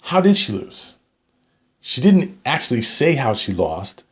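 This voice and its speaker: A man's voice: medium pitch, very animated, unhurried, fairly bright tone. A man reading an article aloud and arguing with it point by point, sarcastic, often tagging his points with "okay?". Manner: sarcastic asides. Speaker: political commentator.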